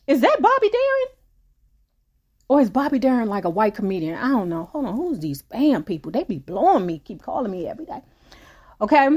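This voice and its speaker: A woman's voice: mid-range voice, big pitch swings, quick pace, mellow, slightly rough. A woman, reading a book aloud on her channel and breaking off for casual, chatty commentary. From United States.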